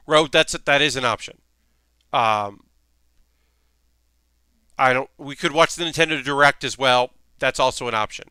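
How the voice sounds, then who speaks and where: A man with a very bright, crisp voice talks through a card game on a live stream. He thinks out loud, filling pauses with ums and restarting sentences. The sound is dry and close, with no room around it. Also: mid-range voice, no echo. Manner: chatty, thinking aloud with many ums and restarts. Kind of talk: casual live-stream commentary.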